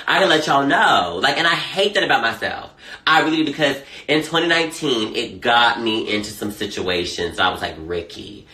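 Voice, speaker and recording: A man chatting casually on a phone livestream, sassy and animated, swearing a lot. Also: mid-range voice, fairly quick. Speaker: social media personality. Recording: echoey room, faint noise.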